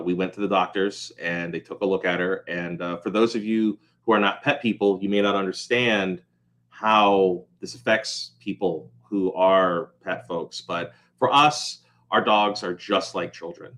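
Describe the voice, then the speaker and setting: A man's voice: low-pitched, fairly bright tone. A man hosting a casual vlog update from home, rambling and apologetic, with many ums and restarts. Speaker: host of a small crafts business channel.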